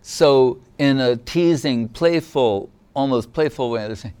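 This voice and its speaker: Male spiritual teacher, devotional lecture, unhurried and smooth, mid-pitched, reflective. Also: a little mellow. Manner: measured, reflective explaining.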